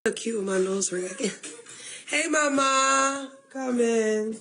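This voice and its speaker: A woman's voice: medium pitch, steady tone, a little slow, a little mellow, slight background noise, poor audio. A woman talking on a livestream, close to tears, pleading and repeating herself. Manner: pleading, repetitive. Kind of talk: emotional livestream talk.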